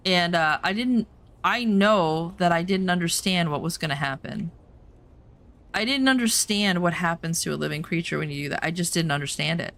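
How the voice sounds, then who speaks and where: A woman's voice: lowish voice, moderate pace, fairly bright tone. A woman streamer chatting casually over gameplay, telling personal stories bluntly and emphatically, swearing now and then.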